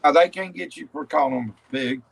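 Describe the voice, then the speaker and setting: A man's voice: on the high side, big pitch swings, brisk, creaky. A man in casual chat, arguing his point insistently. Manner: argumentative, insistent.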